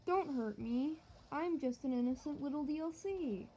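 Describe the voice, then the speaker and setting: Excitable higher-voiced woman gaming. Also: moderate pace, a little hiss or hum, low-quality recording. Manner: excitable, joking, talks to viewers, yelps at the game. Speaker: gaming channel host. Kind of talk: let's-play commentary.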